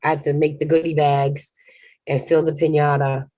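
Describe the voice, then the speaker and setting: A woman's voice: deep voice, little pitch movement, normal speed, warm tone, no room sound. A woman hosting a casual online panel chat, blunt and teasing, swearing freely. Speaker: panel host.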